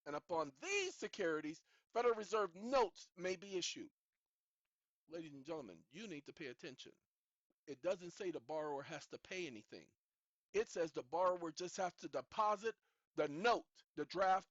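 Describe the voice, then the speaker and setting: A man hosting his own channel lectures in a preachy, emphatic way, repeating key lines and urging the audience to say them with him. His high voice is animated, a bit bright, and at normal speed. The recording is dry and dull, with a lo-fi quality.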